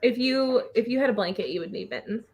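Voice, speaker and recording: A woman with a fairly high voice hosts a relaxed reading livestream. She chats over a video call and often breaks into giggles. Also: fast talker, highs cut off. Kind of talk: casual chat on a video call.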